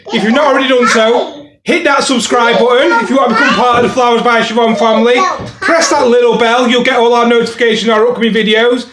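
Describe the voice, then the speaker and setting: A man hosting a vlog intro, loud and excited. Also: extremely high pitch, fast, roomy sound, noisy background. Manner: loud, excited, upbeat greetings. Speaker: shop co-owner and vlog host.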